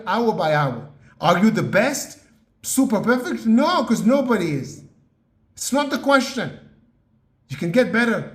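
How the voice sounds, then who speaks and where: A man giving an earnest motivational talk, slow and emphatic, often checking in with "yeah?" and "okay?". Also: high-pitched, reverberant. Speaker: motivational podcast host.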